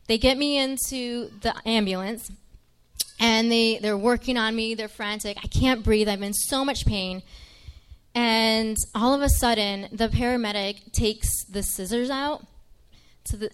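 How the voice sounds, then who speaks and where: A woman with a somewhat high voice tells a personal story to an audience. She talks to them directly and chattily, and she acts out the lines she quotes. Her telling is vivid and dramatic. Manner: conversational, addresses listeners directly. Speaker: missionary telling her testimony.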